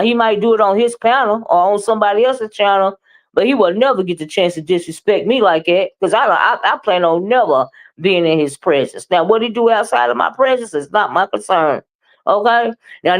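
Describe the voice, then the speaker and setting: A woman hosting a casual live-stream gossip show, talking in a sassy, emphatic, drawn-out way. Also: medium pitch. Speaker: live-stream commentary host.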